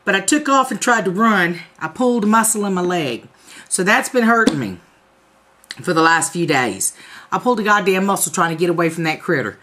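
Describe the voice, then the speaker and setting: Lively woman telling a comic story. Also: fairly low pitch, a little fast. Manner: animated, profane, comic storytelling. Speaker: vlogger. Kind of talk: casual storytelling to camera.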